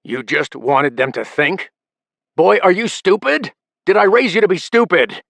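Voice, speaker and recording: A man's voice: medium pitch, dry recording. A man doing a furious, menacing family patriarch. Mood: furious menace. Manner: menacing, shouting, slow threats.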